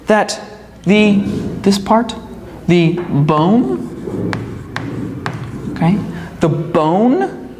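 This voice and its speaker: Very slow-talking woman teaching a class. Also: mid-range voice, very animated, a little mellow. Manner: slow, repetitive, explains each word. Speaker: English teacher. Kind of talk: storytelling lesson for young learners. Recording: echoey hall with faint ambient noise.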